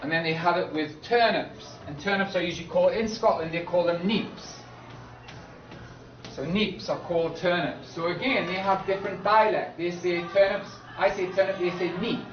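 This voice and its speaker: A man's voice: sits high, slight background noise. Man lecturing a class, echoey and distant. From Britain. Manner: repeats "okay?" to check understanding, slow emphatic key words. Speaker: English teacher. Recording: echoey classroom from far off, dull and lo-fi.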